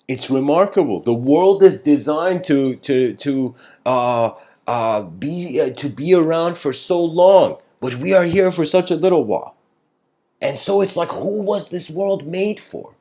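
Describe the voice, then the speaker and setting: A man's voice: a little high, lively intonation, unhurried, dark tone. A man from Iran giving a casual, reflective talk, rambling with many fillers and restarts and laughing often. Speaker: speaker giving a philosophical talk.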